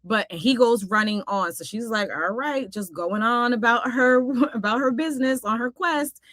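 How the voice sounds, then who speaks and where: A woman's voice: on the high side, moderate pace, fairly bright tone, dry recording, studio quality. A woman hosting a casual cartoon recap vlog, talking in a sassy, exclamatory way full of playful asides. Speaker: host.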